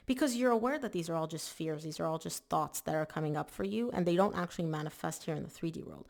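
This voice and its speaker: Gravelly-voiced chatty woman reading tarot. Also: fairly low pitch, animated, quick pace, few pauses. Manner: chatty and emphatic, lots of "like" and "oh my gosh". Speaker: tarot reader. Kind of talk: casual spoken tarot reading.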